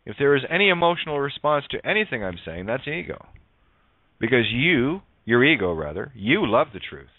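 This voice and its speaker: A man's voice: medium pitch, big pitch swings, normal speed, no echo. A man hosting a talk radio show, delivering an emphatic, sarcastic, preachy spiritual monologue full of wordplay and swearing. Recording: tinny phone-line radio audio.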